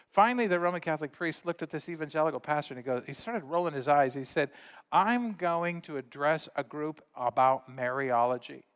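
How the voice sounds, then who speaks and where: High-voiced middle-aged pastor guy preaching, acts out the quotes, big church reverb. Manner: animated storyteller, acts out quotes with voice shifts. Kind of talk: sermon. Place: church sanctuary.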